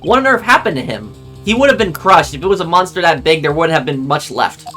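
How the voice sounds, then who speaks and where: A man voicing a composed male prosecutor in a measured, formal way while playing a game. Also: a little high, sing-song, bright, forceful tone, soft background music. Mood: pondering.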